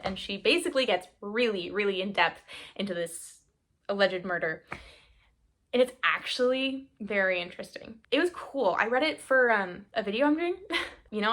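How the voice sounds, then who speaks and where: With a sharp tone and medium pitch, a young American woman rambles to camera about her book haul. She keeps interrupting herself, and at times she's half-crying while still laughing as a book vlogger.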